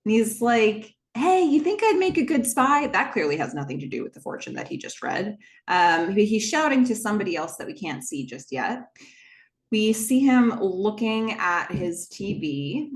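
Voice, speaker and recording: A woman's voice: mid-range voice, animated, normal speed. Chatty woman recapping a TV episode. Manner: chatty, enthusiastic, acts out quoted dialogue. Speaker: podcast host.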